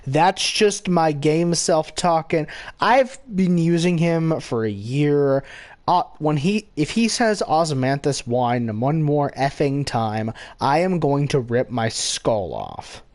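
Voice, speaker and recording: A man's voice: fairly high pitch, expressive, slow, a little mellow. A man hosting a gaming channel, giving rambling casual commentary with frequent self-corrections and giggly asides.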